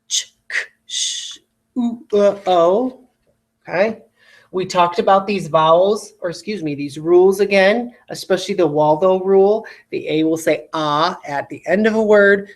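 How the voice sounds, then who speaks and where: This is a recorded video spelling lesson from an adult teacher whose voice sits at a medium pitch. The teacher patiently repeats each word a second time and keeps checking in with the class.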